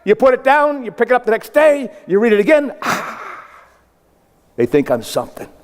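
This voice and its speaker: A man's voice: very high-pitched, wildly swooping pitch, normal speed. An older man from South Dakota, a motivational speaker giving a humorous keynote to a live audience, telling stories with acted-out quotes and punchy asides. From South Dakota, United States. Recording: long hall reverb.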